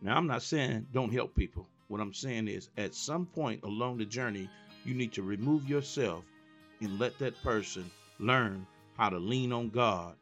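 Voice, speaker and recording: A man preaching a sermon, moving from low asides to high, emphatic calls and repeated refrains. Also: fairly bright tone. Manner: repetitive call-and-response preaching.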